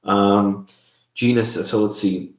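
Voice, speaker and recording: Low-voiced man hosting a live stream. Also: fairly even intonation, reverberant. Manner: rambling, halting, restarts often. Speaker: host. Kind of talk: live-stream chat about spirit box sessions.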